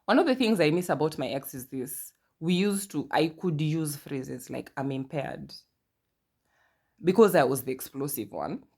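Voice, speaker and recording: A woman from Kenya with a Kenyan accent, in her thirties, hosting a casual podcast and telling stories with lively asides. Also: low voice, normal speed. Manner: chatty, animated storytelling with asides and quoted dialogue. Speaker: podcast host. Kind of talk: casual personal monologue.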